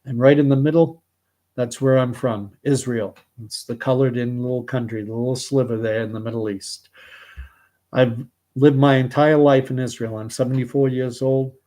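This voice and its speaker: A weary old man of seventy-four pleads with a genie, his voice lifted a little and pushed forward, earnest and mellow, as a man tells the joke. He leans on his words like someone who has waited his whole life for this. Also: mid-range voice, fairly even intonation, moderate pace, natural voice. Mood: pleading.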